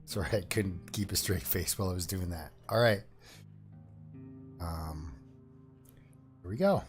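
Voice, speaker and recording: A man's voice: low voice, measured pace, soft background music. A man giving casual let's-play commentary, thinking aloud with fillers and restarts as he plays. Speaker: gameplay commentator.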